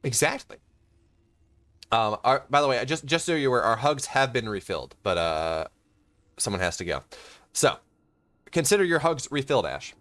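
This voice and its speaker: A young man casting a live game, rambling and self-interrupting, quick to laugh. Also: medium pitch, big pitch swings, a bit bright. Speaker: esports caster.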